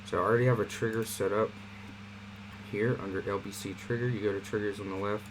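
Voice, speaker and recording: Man, lowish voice, relaxed tutorial host, faint air-conditioner hum in the room. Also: quick pace. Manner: relaxed, conversational walkthrough with fillers. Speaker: online marketing platform host. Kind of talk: casual screen-share tutorial.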